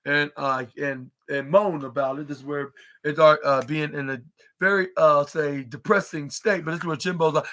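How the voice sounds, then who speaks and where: This man's voice is a little high and a bit bright, steady in tone and normal in speed. As a podcast host, he rambles casually through a wrestling recap, leaning heavily on "like" and "uh" and often restarting his sentences.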